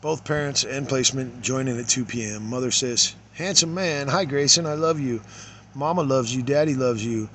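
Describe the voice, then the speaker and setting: A man reads case notes aloud and stops to comment, with middling pitch and plenty of fillers. He often trails off into quiet asides. A faint noise sits behind him. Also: moderate pace. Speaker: father reading case notes. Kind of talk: reading documents aloud with commentary.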